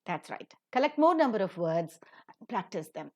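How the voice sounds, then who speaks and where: A woman, teaching word stress in a careful recorded lecture, saying example words with loud stress. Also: a little high, lively intonation, moderate pace, highs cut off. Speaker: English teacher.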